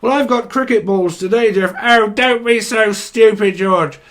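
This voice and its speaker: A man's voice: high-pitched, measured pace, fairly bright tone, pitched above the performer's own voice. A man voicing a prim, fussy male children's TV presenter, scolding in a sing-song, silly way.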